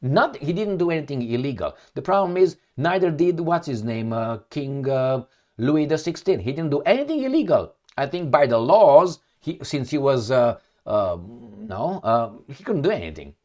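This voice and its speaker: Male political commentator, sarcastic and scornful, lively swinging pitch, reads news and mocks it with rhetorical questions. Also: normal speed. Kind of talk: opinionated monologue reading and reacting to news.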